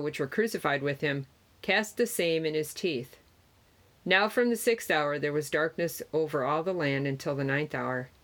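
A reader giving a Gospel passage in archaic wording, steady and measured with small stumbles. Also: mid-range voice. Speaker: scripture reader.

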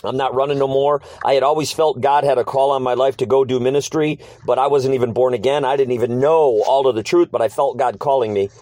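A man's voice: mid-range voice, fairly even intonation, fast, few pauses, darkish tone, no echo. A middle-aged man telling his life story as an interview guest, earnest and casual, acting out old conversations and repeating short phrases.

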